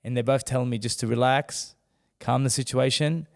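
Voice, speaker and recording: A man with a gravelly voice tells a story as a podcast guest, animated and acting out the people he quotes. His voice carries a long reverb from the room around him. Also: medium pitch, normal speed. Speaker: guest, former world champion boxer. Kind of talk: candid storytelling in a podcast interview.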